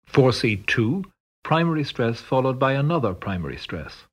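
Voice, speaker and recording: A man with a slightly husky voice reads out the sections of a pronunciation lesson. His delivery is measured and scripted, and his pitch moves in a lively way as he announces each rule. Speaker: language course narrator. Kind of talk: scripted instructional narration.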